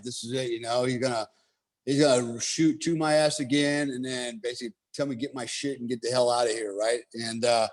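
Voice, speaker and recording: Man telling a profane story. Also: medium pitch. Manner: profane, laid-back, heavy on "you know" and "right?". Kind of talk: casual storytelling.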